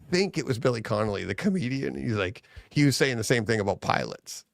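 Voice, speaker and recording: A middle-aged man chats casually as host of a live show, spinning stories and jumping into little acted-out quotes between bursts of laughter. His voice has a gravelly rasp and swoops widely in pitch. The sound is dry and close. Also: fast, no echo. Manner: animated, laughs often, acts out quotes. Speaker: livestream host. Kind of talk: casual chat, storytelling.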